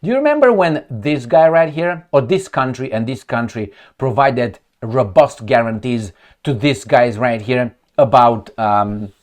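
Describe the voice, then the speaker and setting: A man's voice: mid-range voice, unhurried. A man commenting on news headlines with heated sarcasm, rhetorical questions and frequent profanity. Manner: mocking retorts and rhetorical questions. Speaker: political commentator.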